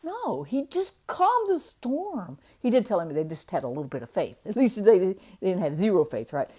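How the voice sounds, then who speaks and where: Chatty woman with a warm, mellow voice. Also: mid-range voice, big pitch swings, husky. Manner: chatty, laughs often, reads verses slowly. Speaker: devotional speaker. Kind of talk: casual devotional talk.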